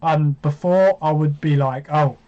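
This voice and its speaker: A man's voice: fairly high pitch, moderate pace. A man of twenty-five chatting casually as host of a live stream, laughing often and poking fun at himself. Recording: dull lo-fi stream audio.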